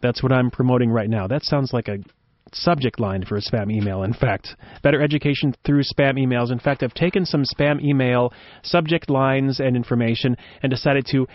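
A radio host with a medium-pitched voice rambles through wry, joking casual commentary at a moderate pace. The recording is dry, dull, and lo-fi.

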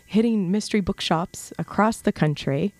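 A woman hosting a radio interview in a studio, halting and restarting her questions. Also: medium pitch, darkish tone, no echo. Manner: hesitant, many fillers and restarts. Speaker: radio show host.

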